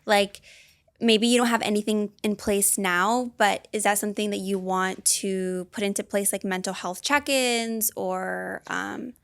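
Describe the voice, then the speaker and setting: A woman's voice: mid-range voice, fairly even intonation, measured pace, gravelly, fairly bright tone, smooth. Chatty young woman podcast host. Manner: chatty, agreeable, many "like"s. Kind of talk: casual podcast interview.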